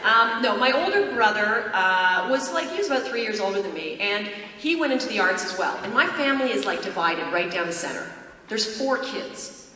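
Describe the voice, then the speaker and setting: A woman's voice: medium pitch, lively intonation, moderate pace, sharp tone, slight background noise. Woman panelist, teasing banter, distant echoey hall recording. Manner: playful, teasing, auctioneer-like calls. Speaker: convention panelist. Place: large convention hall. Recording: echoey hall from far off with crowd.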